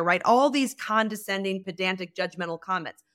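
A woman's voice: medium pitch, moderate pace, few pauses. A woman guest on a podcast, a communication coach speaking emphatically and acting out little dialogues. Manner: animated, emphatic, acts out dialogue. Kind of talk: podcast conversation.

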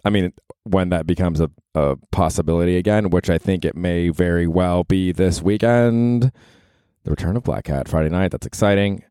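A man's voice: low voice, normal speed, dark tone, clear, resonant tone, no echo, studio quality. A man in his forties hosting his own podcast, rambling casually with profanity and self-mockery. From New York. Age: 40s. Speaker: podcast host. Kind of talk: casual solo podcast monologue.

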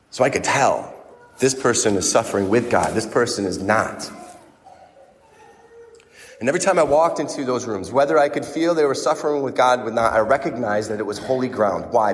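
Guy priest preaching, super animated pitch, lots of stops and restarts, long church echo. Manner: conversational with frequent restarts. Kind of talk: sermon.

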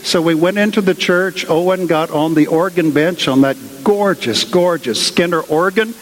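A man's voice: a little high, normal speed. A man preaching in a large cathedral, retelling a story in a conversational way full of asides. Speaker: guest speaker at a cathedral. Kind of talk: storytelling sermon. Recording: long cathedral reverb.

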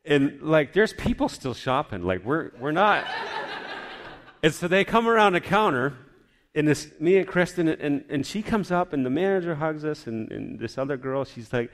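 A man preacher telling a personal testimony as a lively storyteller, often sinking into a hushed, low voice. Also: moderate pace.

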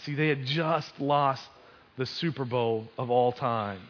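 A man's voice: medium pitch, slow. A male pastor giving a conversational sermon, telling the story with sports asides and frequent restarts. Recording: dull sound with long hall reverb.

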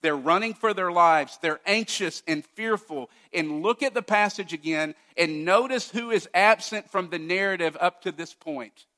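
Man preaching a sermon, higher voice, emphatic, loud-to-quiet swings. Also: moderate pace, hardly any pauses. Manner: emphatic, swinging between loud declarations and hushed asides. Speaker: pastor.

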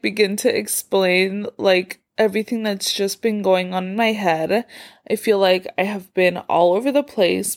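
A woman's voice: mid-range voice, vocal fry. Rambling young woman podcaster, tired. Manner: rambling, filler-heavy, self-deprecating. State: tired and out of breath. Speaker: podcast host. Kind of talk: casual solo podcast chat.

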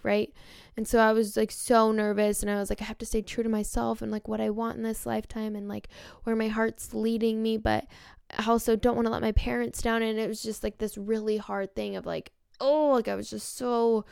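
A young woman hosting her own podcast, telling stories in a chatty, earnest, excited way with lots of "like". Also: medium pitch, vocal fry, smooth, no room sound, clean studio sound. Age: young adult. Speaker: podcast host. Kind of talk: casual storytelling monologue.

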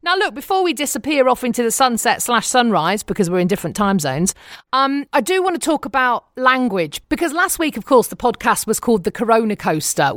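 Lady cohosting a podcast, chatty and laughy, voice leaps all over, dry close mic. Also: dry recording. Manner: bubbly, laughs often, lively swings in pitch. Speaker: podcast co-host. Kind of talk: casual podcast chat.

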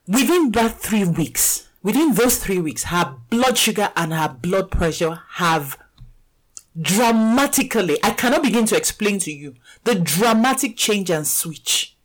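With a fairly low pitch and a measured pace, a woman in her thirties with a Nigerian accent tells stories on her casual podcast, laughing often and acting out dialogue. She's a podcast host and fitness coach, and the audio is poor.

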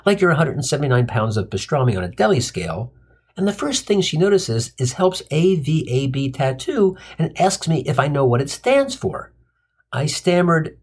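A man's voice: fairly high pitch, slightly rough. A man hosting a comic storytelling podcast, telling a sardonic, rambling monologue full of tangents and crude punchlines.

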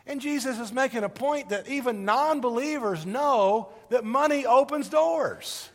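A man preaching a sermon, retelling a parable with animated storytelling that swings from loud to hushed, in a church hall. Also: extremely high pitch, measured pace, hardly any pauses. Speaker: pastor. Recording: long reverb of a large hall.

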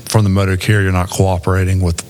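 Low-voiced man asking questions, faint hum. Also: little pitch movement, fast, a little mellow. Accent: Southern US. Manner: asks short questions with hesitant fillers. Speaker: attorney, interviewer. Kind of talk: conversational podcast interview.

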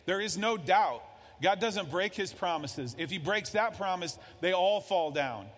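A man preaching a conversational sermon, his voice sitting a touch high. He acts out short exchanges between people as he talks. The sound rings out with a long reverb, as in a church sanctuary. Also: expressive, a little slow. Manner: conversational preaching, acting out dialogue. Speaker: pastor.

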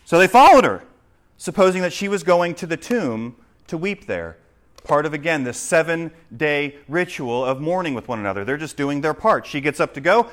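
A man preaching a sermon, swinging between loud, urgent questions and hushed explanation. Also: fairly high pitch, sing-song, moderate pace. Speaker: pastor.

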